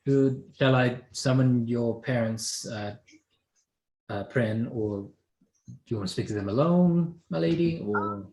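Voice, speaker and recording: A man's voice: medium pitch, a little slow, a little mellow, echoey room, natural voice, poor audio. A man voicing a loyal, reserved male family servant who speaks politely and formally.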